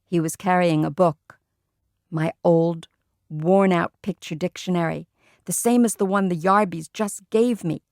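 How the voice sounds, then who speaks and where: A woman narrating a children's book in the first person, telling it in a lively way. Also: on the low side, measured pace, dry recording, studio quality. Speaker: audiobook reader.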